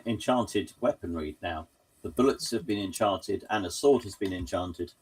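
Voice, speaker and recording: A man narrating as game master of a tabletop game, hesitant and full of pauses and restarts. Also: low-pitched, a little mellow, recorded from a distance.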